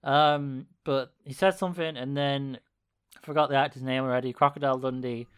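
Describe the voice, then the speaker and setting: A man's voice: mid-range voice, fairly even intonation, fairly quick, smooth. A man casually recapping a video on a podcast, rambling with fillers and laughing often. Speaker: podcast co-host. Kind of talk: casual chat.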